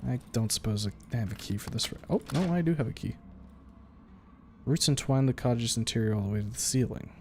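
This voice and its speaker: A man's voice: mid-range voice, fairly quick, darkish tone, a little hiss or hum. A man streaming a video game, thinking aloud in a casual way with the odd swear. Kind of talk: live gameplay commentary.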